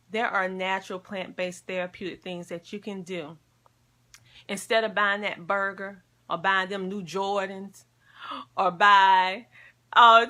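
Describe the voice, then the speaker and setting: A woman's voice: mid-range voice, sharp tone. A woman talking casually to camera as a wellness coach, earnest and heartfelt. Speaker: wellness coach and homeschooling vlogger.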